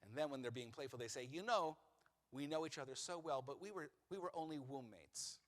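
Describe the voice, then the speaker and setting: A man's voice: medium pitch, fairly quick. A man giving a sermon as rabbi, telling the story in a humorous, conversational way and asking the congregation questions. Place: synagogue sanctuary. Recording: long reverb of a large sanctuary.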